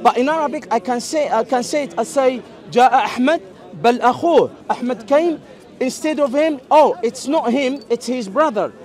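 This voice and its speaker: Man, very high voice, outdoor debate, explains at length, interrupts, fast Arabic recitation, faint crowd. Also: a little mellow. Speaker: street debater. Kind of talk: open-air religious debate. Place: outdoor public park.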